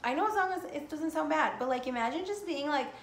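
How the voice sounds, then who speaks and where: A woman's voice: high voice, animated, fast talker. Young woman telling a storytime in a roomy space. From United States. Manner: casual, swears often, heavy use of "like". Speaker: vlogger. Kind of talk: storytime vlog. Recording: echoey room, faint noise.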